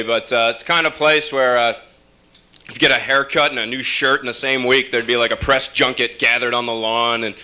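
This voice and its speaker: A man from upstate New York doing a rambling stand-up comedy set with wry, deadpan asides. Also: mid-range voice, clean tone.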